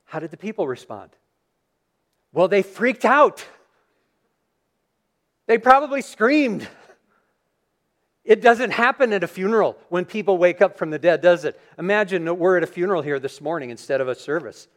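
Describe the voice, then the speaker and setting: A man preaching a sermon as pastor in a church, reading scripture and then retelling the story in an animated, dramatic way. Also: sits high, normal speed, pauses often. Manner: animated storytelling, acting out scenes. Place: church sanctuary.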